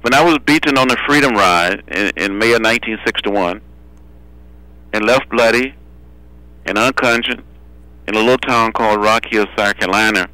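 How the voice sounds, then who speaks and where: An older man speaks as a phone guest, his voice bright and forward. He is measured and builds rhythm by repeating phrases. The sound is dry, with no room around it. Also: fairly low pitch, no echo, low-quality recording. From Alabama. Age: 70s. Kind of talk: phone interview storytelling. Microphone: telephone.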